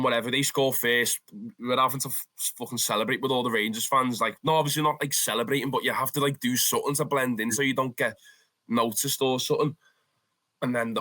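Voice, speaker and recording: A young man with a Liverpool accent, a podcast guest telling football stories casually, swearing and laughing as he goes. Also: medium pitch. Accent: Liverpool (Scouse). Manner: animated, swears freely, says "lad" often, bursts into laughter. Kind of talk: casual storytelling.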